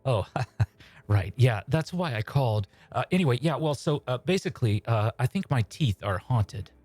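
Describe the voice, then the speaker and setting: A man's voice: mid-range voice, animated, moderate pace, a little mellow, no room sound, soft background music, close to an everyday voice. A man voicing a chatty woman calling a radio show, rambling with many fillers.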